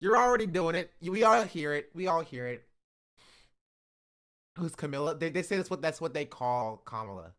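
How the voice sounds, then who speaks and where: A man's voice: on the high side, animated, moderate pace, long pauses, a bit bright. A young man streaming live, reacting to videos with joking, mock-outraged rants. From United States.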